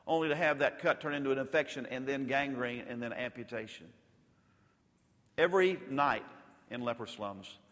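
Preacher man in a reverberant hall. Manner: swings from loud emphatic peaks to soft intimate lows. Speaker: pastor. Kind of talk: sermon.

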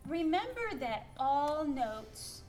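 A woman's voice: high voice, sing-song, slow, a little mellow, far from the mic. A woman from Minnesota with a Minnesotan accent, giving a chatty piano lesson with playful emphasis and laughing asides. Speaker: piano teacher. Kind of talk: workshop lesson on piano playing.

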